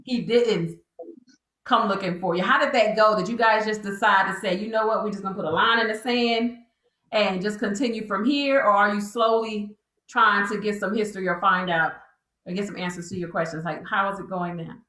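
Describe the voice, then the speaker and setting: A woman's voice: mid-range voice, steady tone, fairly quick, sharp tone, echoey room, rough recording. A woman hosting an interview, asking long probing questions and offering encouragement. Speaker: host.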